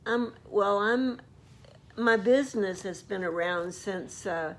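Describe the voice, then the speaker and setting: A woman's voice: medium pitch, slow pace. A woman who prepares taxes, guest on a chat show, talking in an easygoing, hesitant way with fillers. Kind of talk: casual interview.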